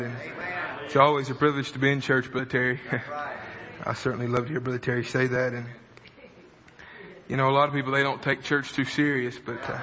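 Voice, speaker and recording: A man preaching in a church service, folksy and chuckling between lines. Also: medium pitch. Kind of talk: sermon. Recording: lo-fi recording in a reverberant church with a congregation.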